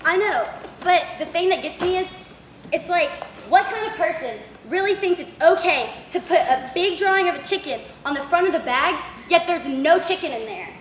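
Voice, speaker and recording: A woman playing an overwrought housewife in a comedy sketch, melodramatic and laughing through rants and shouts. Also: extremely high pitch, lively intonation, normal speed. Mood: indignant. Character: overwrought housewife spiraling into comic outrage. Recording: roomy, faint background hiss.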